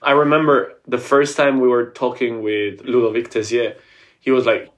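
A young opera tenor from Mexico answers an interview question. He talks thoughtfully and pauses to search for words. His voice sits at an ordinary pitch for a man. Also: level tone. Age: young adult.

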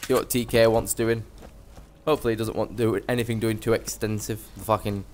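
A man's voice: on the low side, level tone, fast talker, darkish tone, a little hiss or hum. A young man giving brash, sweary live commentary as he streams a game.

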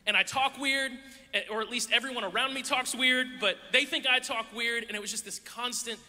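Male preacher, sermon delivery, very bright tone, playful storytelling with voices, echoey hall. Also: very high-pitched, fairly even intonation, brisk. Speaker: youth pastor. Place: church hall with audience.

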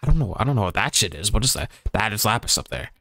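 A man's voice: on the low side, big pitch swings, fast talker, sharp tone, dry recording. A man giving casual running commentary while playing a game, talking to himself and swearing freely. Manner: chatty running self-talk, swears casually. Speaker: gaming channel host.

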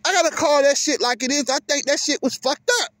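A man's voice: very high voice, brisk, fairly bright tone, no echo. A man ranting heatedly about basketball, cursing often and tripping over repeated words. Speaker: vlogger. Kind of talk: profane sports rant.

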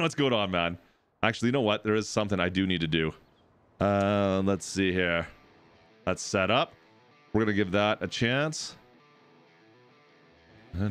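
A man streaming live farm gameplay, chatting excitably with his viewers and talking to the game. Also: lowish voice. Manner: excitable, chatty, talks to chat.

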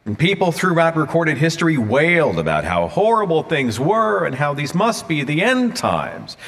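Speaking at a moderate pace in a slightly high, a bit bright voice with big pitch swings, a guest speaker from Oklahoma, USA, with an Oklahoma accent gives a live public talk. He is emphatic and dramatic and repeats phrases for effect, recorded in a reverberant lecture hall.

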